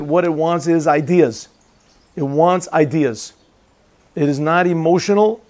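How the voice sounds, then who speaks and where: A man's voice: fairly high pitch, a little mellow. A man teaching a Chassidic class as a rabbi, conversational and joking, often asking the listeners questions. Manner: conversational, asks listeners questions, tells jokes. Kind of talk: Chassidic lecture with jokes. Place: yeshiva classroom.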